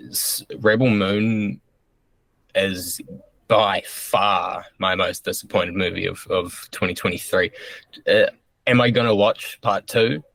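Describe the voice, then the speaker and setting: Podcast dude, lowish voice, dry close sound, jokey, swears a bit. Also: male voice, fairly even intonation, slow, gravelly, fairly bright tone, dry recording. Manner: joking, swears casually. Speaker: podcast co-host. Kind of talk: casual film review chat.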